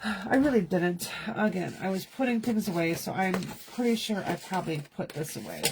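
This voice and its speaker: With heavy background noise behind her, a woman in her thirties hosts a casual card-making stream from her home studio. Her voice is fairly low with lively intonation at normal speed, and she chats and talks to herself as she works.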